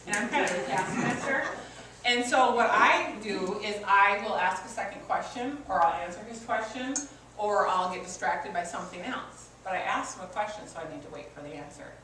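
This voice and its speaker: Speaking at normal speed, a woman coach with a bright, forceful, medium-pitched voice leads a customer service workshop for an audience in a meeting room. She teaches in a conversational style, weaving in personal stories. The audio is distant and echoey, with faint ambience and slight background noise.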